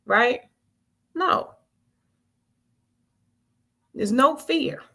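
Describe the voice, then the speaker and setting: A woman with a gravelly, fry-edged voice leads a spiritual vigil in a loose, conversational way. She circles back to the same phrases and keeps urging her listeners to join in. Her speech stays colloquial and earnest. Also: high-pitched, animated, drawn-out words, sharp tone. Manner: conversational and coaxing, repeats phrases, calls on listeners. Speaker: spiritual host leading a weekly vigil. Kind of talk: informal spiritual teaching on a live stream.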